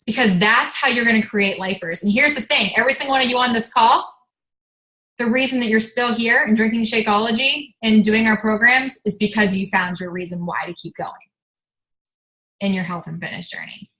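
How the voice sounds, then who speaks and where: A woman coaching her fitness team on a motivational call, with a bright, ringing voice pitched a little high. She talks in an energetic, chatty way, full of "like" and casual swearing. The sound bounces around an echoey room. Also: a little fast.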